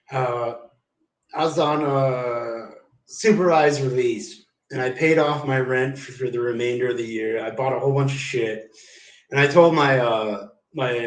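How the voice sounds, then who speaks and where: A man livestreaming, telling rambling stories in a casual, profane, slangy way and saying "dude" a lot. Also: mid-range voice. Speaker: live streamer. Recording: roomy, distant mic.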